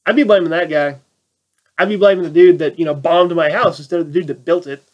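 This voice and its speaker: A man's voice: a little high, steady tone, fast, a little mellow, dull audio. A man giving a casual, sarcastic film review rant and mocking the plot. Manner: sarcastic, acts out quotes in mocking voices. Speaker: movie reviewer.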